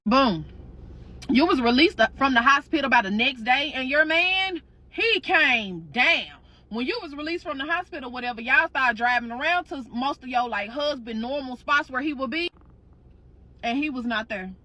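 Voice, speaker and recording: A woman telling a dramatic story in a slangy, animated, profane way. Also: sits high, normal speed, no room sound. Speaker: storytime host. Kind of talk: casual storytelling.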